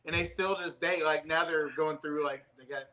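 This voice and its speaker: A man's voice: a little high, a little fast. A man co-hosting a casual beer live stream, talking bluntly and laughing a lot. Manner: animated, blunt, laughs often. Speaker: co-host.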